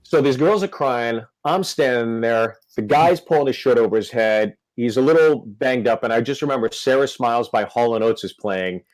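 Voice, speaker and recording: A man's voice: medium pitch, normal speed, hardly any pauses, no echo, poor audio. A male comedian telling a story on a podcast, acting out the quotes. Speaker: comedian guest.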